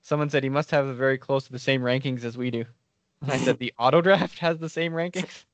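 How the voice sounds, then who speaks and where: A man co-hosting a casual fantasy sports podcast, reacting quickly in an easygoing way with short laughs. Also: medium pitch, no room sound. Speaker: podcast co-host. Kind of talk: casual fantasy draft chat.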